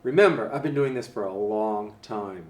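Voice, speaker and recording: A man teaching jazz piano in a relaxed, casual way, counting beats aloud and scatting rhythms. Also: fairly low pitch, moderate pace. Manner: easygoing, counts beats aloud and scat-sings syllables. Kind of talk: casual spoken instruction. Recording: roomy, distant mic, faint hiss.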